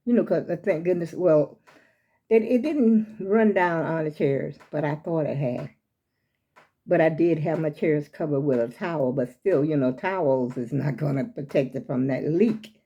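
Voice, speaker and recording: A woman's voice: low-pitched, normal speed, dark tone, muffled recording. An older woman, vlogging casually from home on her phone. She rambles as she talks and keeps speaking straight to her viewers as "y'all". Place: small room at home.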